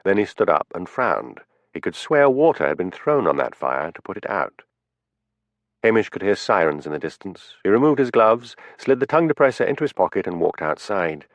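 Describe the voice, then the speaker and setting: A man narrating a mystery audiobook in a steady, expressive way. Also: sits low, normal speed, no echo. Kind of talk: scripted narration.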